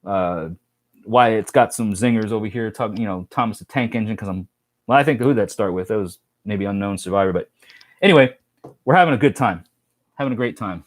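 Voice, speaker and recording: Speaking fairly quickly in a lowish voice, a man runs a casual stream where he reads chat and spins rambling tales. His talk is loose and chatty, packed with fillers and false starts.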